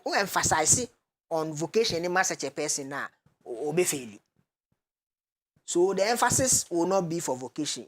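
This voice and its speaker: A woman with a Ghanaian accent, a guest expert on a talk show, explaining step by step in a measured way with hesitant fillers between Twi and English. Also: fairly low pitch.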